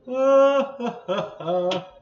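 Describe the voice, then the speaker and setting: A man's voice: extremely high pitch, lively intonation, drawn-out words, echoey room, recorded from a distance, highs cut off. Chatty man hosting a live stream. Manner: rambling, chatty, laughs often. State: yawning. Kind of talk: casual live stream chat.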